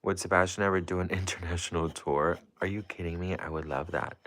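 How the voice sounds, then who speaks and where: On a casual livestream, a man with a low-pitched, steady, slightly bright voice talks a little fast. He reads viewer comments aloud and rambles effusively, using "like" constantly.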